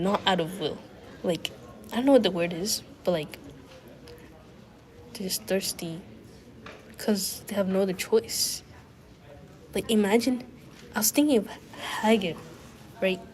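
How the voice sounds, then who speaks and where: A young woman livestreaming from a university building, her voice nasal and clogged from a cold, with the odd cough. She talks at an easy mid pitch, wandering from thought to thought with plenty of fillers, like she is chatting with friends while she studies. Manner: rambling, filler-heavy, thinking aloud. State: sick, nasal and congested with a cough. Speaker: study livestreamer. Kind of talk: casual chat to a live stream.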